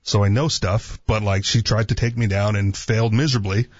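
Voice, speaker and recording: A man co-hosting a casual talk show tells stories bluntly and with jokes, in a low, husky voice. The recording is dry and a bit muffled. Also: steady tone, brisk, dry recording. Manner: blunt, joking storyteller. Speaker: co-host.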